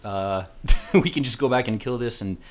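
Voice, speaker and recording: A man hosting a let's play, rambling through casual, profane gameplay commentary with excitable outbursts. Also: mid-range voice, normal speed.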